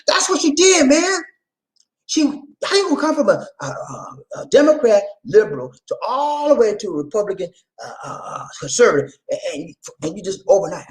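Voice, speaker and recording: A man giving casual video commentary, animated and repetitive, laughing often and speaking straight to his viewers. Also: high-pitched, normal speed.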